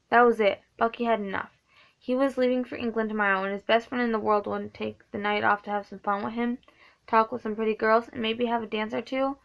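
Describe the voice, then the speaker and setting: Female reader, gravelly, self-correcting read-aloud; muffled lo-fi home audio. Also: a little high, a bit bright. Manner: stumbles and corrects herself often. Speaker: reader of a book. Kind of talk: reading a novelization aloud.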